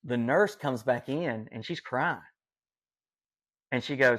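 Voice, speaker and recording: A man's voice: medium pitch, slow pace, a bit bright. A man telling a personal story as a podcast guest, earnest and rambling, with many fillers and self-corrections. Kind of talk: casual storytelling.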